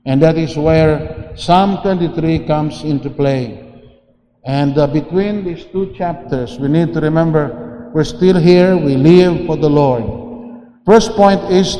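A man preaching a sermon slowly, often restarting and repeating phrases, heard in an echoey hall. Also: a little high, mellow. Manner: slow, repetitive, with many restarts and fillers. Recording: echoey hall with long reverb.

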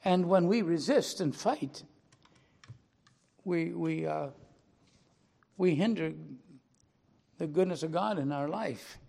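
An older man preaching a sermon, speaking slowly and earnestly, then leading a prayer. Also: a little high, creaky. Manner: slow and earnest, rising to loud dramatic recitation. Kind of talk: sermon closing with a recited poem and prayer.

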